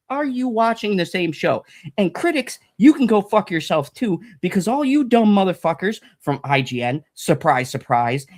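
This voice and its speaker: A woman with a mid-range, somewhat dark voice hosts a commentary channel and launches into a furious, profanity-laden rant. She stammers when she gets heated and mocks her critics with sing-song impressions.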